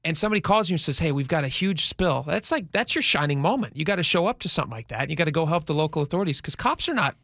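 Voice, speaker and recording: Gravelly radio host guy, kinda high voice, jokey and chatty, dry studio sound. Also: very animated, very fast, few pauses, fairly bright tone, no room sound. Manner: chatty, jokey, asks eager questions. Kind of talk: casual talk-radio banter.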